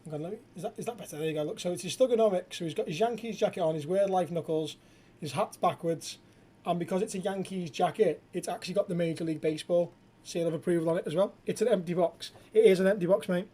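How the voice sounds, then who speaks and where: A man hosts a casual late-night podcast, with a slightly husky, breathy edge to his voice. He jokes around, swears freely and laughs easily. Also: sits high, fast, warm tone. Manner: swearing, joking, laughing often. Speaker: podcast host.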